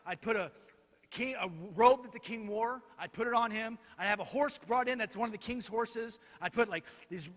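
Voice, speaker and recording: A man's voice: very high-pitched, normal speed, a bit bright. A man playing a vain, whiny ancient official who boasts about himself, in a reverberant hall. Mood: self-important.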